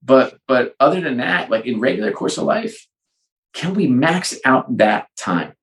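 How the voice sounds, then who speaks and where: Energetic man telling stories in an echoey room. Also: mid-range voice, measured pace. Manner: energetic storyteller, acts out both sides of dialogues. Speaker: guest, sports and entertainment executive. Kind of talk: animated podcast conversation. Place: home.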